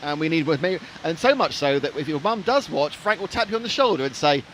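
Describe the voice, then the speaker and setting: A man in his fifties rambles cheerfully through live race-stream commentary, with plenty of jokes and asides. His voice sits somewhat high and leaps about in pitch, and there is faint noise behind him. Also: lively intonation, fairly quick, fairly bright tone. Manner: chatty, jokey, rambling.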